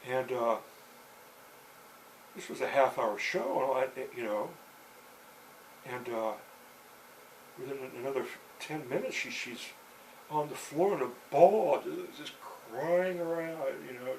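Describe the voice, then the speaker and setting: Older guy rambling through a story, lots of you-knows and restarts, mid-pitched voice, bit of hiss behind. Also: low-quality recording. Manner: halting, many fillers and restarts.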